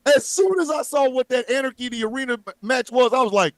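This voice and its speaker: A man's voice: extremely high pitch, fast, no echo. A man co-hosting a livestream, ranting angrily and profanely with lots of repetition. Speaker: co-host. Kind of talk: heated livestream rant.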